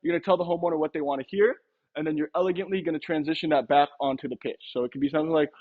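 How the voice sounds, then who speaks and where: A man's voice: on the high side, fairly even intonation, narrow, tinny audio. A young man teaching a sales method in a casual instructional talk, now and then acting out short sample dialogues. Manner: casual, quick, acts out little sample dialogues. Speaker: sales trainer.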